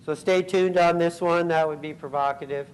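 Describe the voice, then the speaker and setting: A man giving a scientific conference talk, pausing often with ums and uhs and clearing his throat. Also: fairly high pitch, fairly even intonation, slight background noise, poor audio. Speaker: conference speaker. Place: convention center hall.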